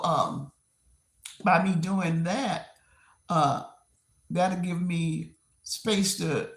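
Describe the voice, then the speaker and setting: A woman's voice: fairly low pitch, gravelly. Chatty woman livestreaming from an echoey room. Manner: rambling and repetitive, with frequent laughs. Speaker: livestream host. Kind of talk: casual live-stream chat. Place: at home, clearing a desk. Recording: roomy echo.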